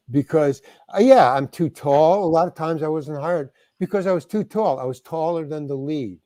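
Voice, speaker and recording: A man's voice: a little high, a little slow, mellow, no room sound. An older man from New York, a guest actor telling stories in a rambling way, full of restarts and acted-out lines from other people. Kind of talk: casual interview storytelling.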